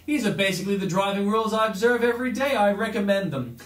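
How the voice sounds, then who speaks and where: A man's voice: sits high, fast, reverberant. A man from Australia reading a run of news headlines, adding dry, sardonic asides between items.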